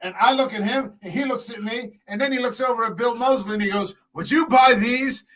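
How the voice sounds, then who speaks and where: A man on a casual podcast, telling a long, profane anecdote in an animated way with lots of fillers. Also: very high voice, quick pace, rough recording. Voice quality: tall man, six foot five. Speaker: podcast co-host. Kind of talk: casual storytelling chat.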